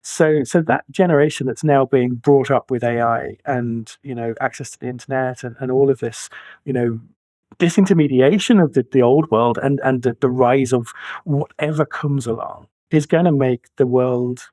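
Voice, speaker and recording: Speaking at a moderate pace in a mellow mid-range voice, a man in his forties talks through an interview about financial planning. He's emphatic and keeps reaching for vivid analogies, with no room sound on the recording.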